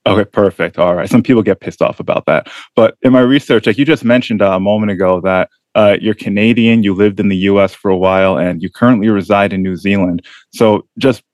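Young guy hosting a podcast, talks fast, lowish voice, cracks dry jokes, dead dry sound. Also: no echo. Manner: joking, deadpan asides. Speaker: podcast host. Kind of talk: casual interview.

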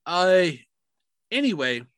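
A man co-hosting a podcast in casual, profane chat. He tells animated stories and acts out the voices in them. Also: high voice, takes it slowly, clear, resonant tone, no echo. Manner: profane, animated storytelling with big voiced quotes. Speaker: podcast co-host.

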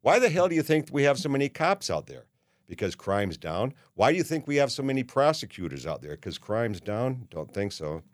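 A man's voice: mid-range voice, sing-song, quick pace, few pauses, no room sound, studio quality. A man in his seventies hosting a podcast, ranting bluntly in a monologue with many "uh"s and restarts. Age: 70s. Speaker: podcast host. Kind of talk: opinionated monologue.

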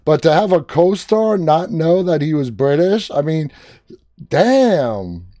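Mellow-voiced male interviewer. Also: fairly high pitch, sing-song, takes it slowly, dry recording, studio quality. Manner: conversational, long winding questions, short reactions. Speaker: interviewer, host. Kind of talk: casual interview.

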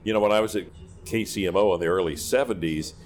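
A man's voice: deep voice, quick pace. An older man hosting a casual interview, mostly giving short agreeing interjections and telling his own brief memories.

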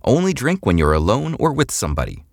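A man's voice: mid-range voice, huge pitch swings, quick pace, vocal fry, no echo, studio quality, voice pushed up, full character voice. A man voicing a sarcastic young woman spacer with a cybernetic arm, in a wry, teasing manner, in an audiobook.

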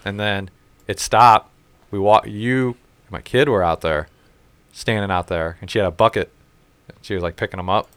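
The man's voice is on the low side at a moderate pace, with long pauses and no echo. He's a storyteller in casual conversation who swears freely and animatedly acts out others' words with quoted voices.

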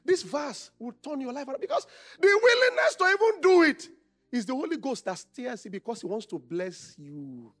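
A man's voice: very high voice, very animated, moderate pace. A Nigerian male pastor preaching a conference sermon, calling out questions for the congregation to answer. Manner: call-and-response, shouting questions.

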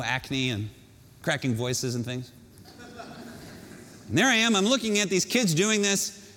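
Male pastor, high voice, animated storyteller, reverberant hall. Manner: storytelling, animated, self-mocking. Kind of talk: sermon.

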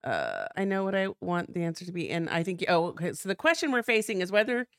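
Chatty woman podcast co-host, smooth voice. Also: fairly low pitch, huge pitch swings, quick pace, fairly bright tone, no room sound, studio quality. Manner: chatty, reads news aloud, many fillers. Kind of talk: casual chat.

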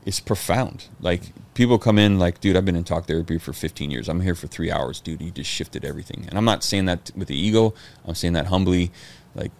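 Low-pitched and gravelly, this middle-aged podcast guest talks a little fast with few pauses, telling animated stories in a casual interview. He swears freely and performs other people's quoted words.

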